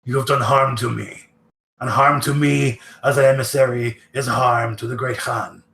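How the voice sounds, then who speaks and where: Man voicing a demanding orc emissary, stern and formal, mid pitch, roomy and faintly noisy. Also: flat delivery, moderate pace, creaky, a bit bright, distant mic.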